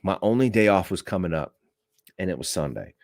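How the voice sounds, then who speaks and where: A man's voice: deep voice, fairly quick, creaky, no echo. A man hosting an open-mic podcast, telling a work story in a blunt, profane way and acting out what was said. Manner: blunt and profane, animated retelling with acted-out quotes. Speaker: podcast host. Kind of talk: unscripted storytelling rant.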